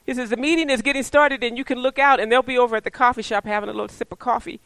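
A woman preaching a sermon, animated and often laughing, who slips into playful high voices when she quotes people. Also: rapid-fire, no room sound, poor audio.

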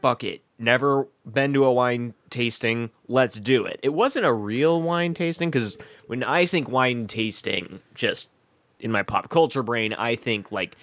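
A man's voice: mid-range voice, a little slow, a bit bright, no room sound. A young man hosting a podcast, telling rambling stories in a crude, joking, casual chat. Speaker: podcast host.

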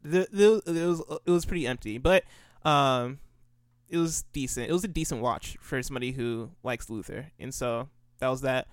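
A man's voice: mid-range voice, normal speed, smooth, no echo, clean studio sound. A young man co-hosting a casual gaming podcast, rambling and restarting his sentences as he recaps what he's been up to. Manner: rambling, restarts often, laughs easily. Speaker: co-host.

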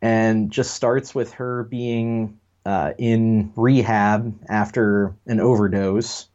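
A man's voice: on the low side, steady tone, takes it slowly, a little mellow. A man co-hosting a casual pop culture podcast, joking and rambling with fillers. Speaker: podcast co-host. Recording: dull lo-fi sound.

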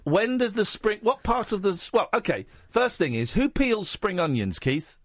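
A man hosting a late-night radio show, chatting with sarcastic, animated banter. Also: high voice, normal speed, dry recording, clean studio sound. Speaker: radio host. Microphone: studio microphone.

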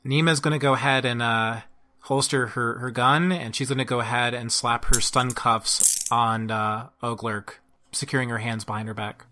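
A man with a bright, clear-edged voice, laughing easily as he works through dice pools and narrates his character's moves at a tabletop game. His pitch sits in a middle range for a man. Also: steady tone, moderate pace. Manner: laughs often, explains dice and actions. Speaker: player.

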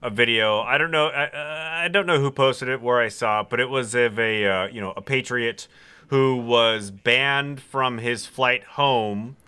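Bright, wry male podcast co-host. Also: medium pitch, smooth. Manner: wry, halting with restarts. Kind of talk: casual chat.

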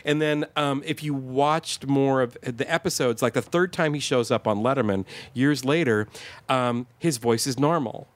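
A man's voice: medium pitch, moderate pace, no room sound. A man co-hosting a podcast, chatting casually in a rambling way with lots of fillers and restarts. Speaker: podcast co-host. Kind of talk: casual chat.

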